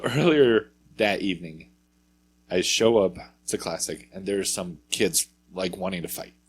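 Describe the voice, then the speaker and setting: A man's voice: deep voice, breathy edge. A man co-hosting a podcast, telling a rambling anecdote in casual chat and acting out what people said. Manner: rambling anecdote with acted-out quotes and profanity. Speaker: podcast co-host.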